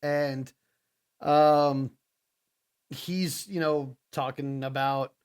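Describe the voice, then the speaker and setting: A man co-hosting a podcast, telling a wrestling recap as an animated storyteller. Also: mid-range voice, very slow, clear, resonant tone. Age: adult father. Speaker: podcast co-host. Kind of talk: casual wrestling recap chat.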